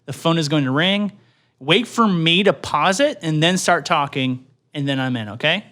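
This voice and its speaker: A man co-hosting a casual podcast, animated, swearing and laughing freely. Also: fairly high pitch, normal speed. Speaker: podcast co-host.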